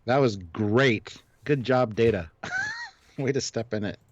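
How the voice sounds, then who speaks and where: A man's voice: mid-range voice, huge pitch swings, takes it slowly, breathy edge. A man co-hosting a live review stream, chatting casually and joking while he reads out viewer donations. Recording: dull, dry remote call audio.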